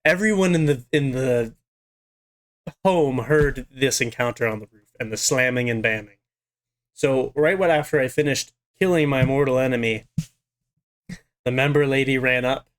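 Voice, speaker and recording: A young man in his twenties telling a personal story to camera in a casual, animated and dramatic way. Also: medium pitch, moderate pace, pauses often.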